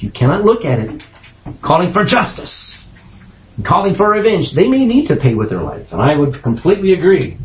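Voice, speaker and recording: Guy teaching bible study, really lively up and down voice, kinda dull lo-fi recording. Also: mid-range voice. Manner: animated, acts out scripture voices with laughs.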